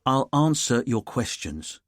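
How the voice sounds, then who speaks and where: A man's voice: medium pitch, sing-song, slow pace, no echo, studio quality. A man voicing a cagey, defensive male bootlegger with a London accent. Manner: defensive and evasive.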